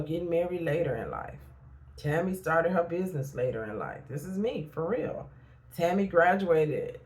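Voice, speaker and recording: Frank middle-aged woman, lowish voice. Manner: frank, down-to-earth, repeats herself for emphasis. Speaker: therapist and life coach. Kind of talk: casual motivational vlog talk.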